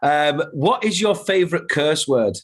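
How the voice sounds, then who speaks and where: A man's voice: a little high, expressive, measured pace. A man hosting a podcast, chatting casually with plenty of fillers and restarts. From Lancashire, England. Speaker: podcast host. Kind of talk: casual chat.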